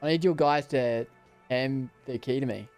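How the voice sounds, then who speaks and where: A man's voice: mid-range voice, normal speed, a little mellow, faint music behind, close to an everyday voice. A man voicing a direct detective. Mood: determined. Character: determined male detective. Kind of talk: video game voice acting.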